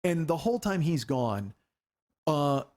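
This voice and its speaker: A man in his forties hosting a comedy podcast, telling a story in a rapid, excitable, profane monologue. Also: on the high side. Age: 40s.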